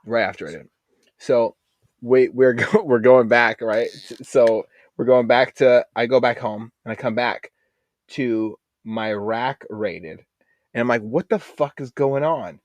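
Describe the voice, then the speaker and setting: Brief: guest in his 30s, male, lively swearing storyteller, dry close sound. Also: mid-range voice, measured pace, no room sound. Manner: animated, profane, acts out quoted voices. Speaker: guest, Navy veteran. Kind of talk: casual storytelling on a podcast.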